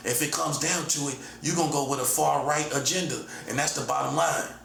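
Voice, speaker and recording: A combative man in his forties lecturing straight at the listener, circling back to the same points and tossing in "buddy" over and over. His voice sits a little higher than most men's. It rings in a roomy space over faint background ambience. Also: steady tone, fairly quick, gravelly, fairly bright tone, a little hiss or hum. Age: 40s. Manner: repetitive, combative, keeps calling the listener "buddy". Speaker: self-styled prophet giving a monologue. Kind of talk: confrontational spoken monologue.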